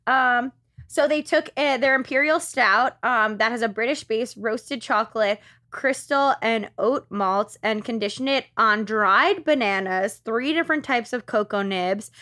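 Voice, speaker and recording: A woman co-hosting a casual podcast, with a voice a little on the high side. She rambles and giggles through her sentences, and the sound is dry and close. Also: a little slow, sharp tone, dry recording. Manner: giggly, rambling, restarts often. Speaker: podcast co-host.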